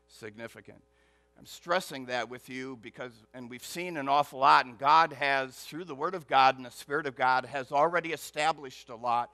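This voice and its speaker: A male pastor preaching a sermon emphatically, moving between loud stressed words and hushed asides, and building rhythm through repetition. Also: medium pitch, dry recording.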